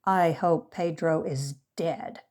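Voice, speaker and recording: A woman voicing an excitable, boastful young boy who shouts when he is worked up. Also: deep voice, takes it slowly. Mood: excited.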